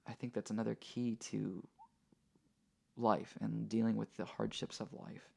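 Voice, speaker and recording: A man's voice: on the low side, flat delivery, unhurried, gravelly, darkish tone. A man hosting a podcast, telling a personal story in an earnest, reflective way. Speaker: podcast host. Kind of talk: conversational storytelling.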